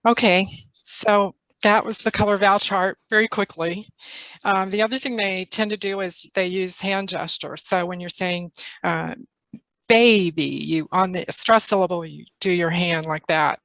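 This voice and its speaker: A woman's voice: fairly low pitch, fairly even intonation, normal speed, a bit bright, no echo, rough recording. A woman presenting at a literacy conference workshop, talking casually with fillers. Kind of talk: conference talk. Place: conference room.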